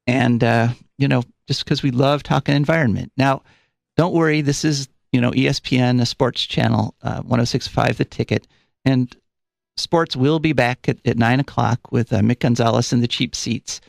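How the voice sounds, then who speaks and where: On a studio microphone in a radio studio, with no room sound, a call-in radio host talks at a moderate pace in a creaky, mid-range voice. His live chatter rambles with fillers, and he seems slightly winded.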